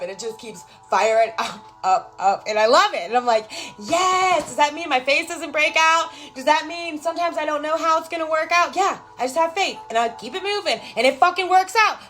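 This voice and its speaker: Her voice is high-pitched and a bit bright, captured on a rough recording, as she gives casual motivational talk on a live stream and responds to viewers' comments. She addresses them affectionately as girl and love, swearing freely and repeating phrases to drive points home.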